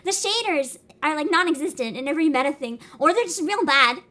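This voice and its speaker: High, bright, animated streamer woman. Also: fairly quick. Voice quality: avatar anime streamer voice. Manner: loud, laughing, swearing rants. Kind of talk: live-stream commentary with chat.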